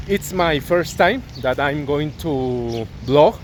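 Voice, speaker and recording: A man's voice: a little high, animated, takes it slowly. A Mexican man speaking English as a second language with a Mexican Spanish accent. He vlogs while walking through a city park and along an avenue, earnest and searching for words, recorded on a phone and then a wireless clip-on mic. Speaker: travel vlogger. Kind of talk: walking vlog, learner's English. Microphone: smartphone mic, then a clip-on wireless mic. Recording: phone recording with faint street noise.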